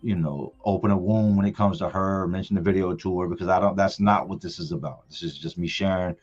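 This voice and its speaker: Husky-voiced man telling a family story. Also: low voice, steady tone, fairly quick, a little mellow. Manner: emphatic, repeats words for effect. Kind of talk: casual live-stream storytelling. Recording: dull lo-fi sound with faint music.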